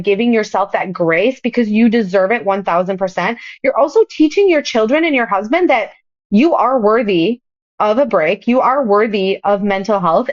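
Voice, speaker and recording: Earnest mom with a higher voice. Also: female voice. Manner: open, earnest, advice-giving. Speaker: podcast guest. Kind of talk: casual podcast chat. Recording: dull lo-fi podcast audio.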